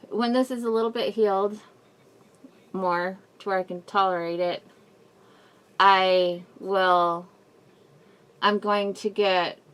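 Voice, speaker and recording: Her voice medium-pitched and a bit bright, a middle-aged vlogger talks through a face mask while catching viewers up on her life. The rambling, emotional story is full of laughs and sighs.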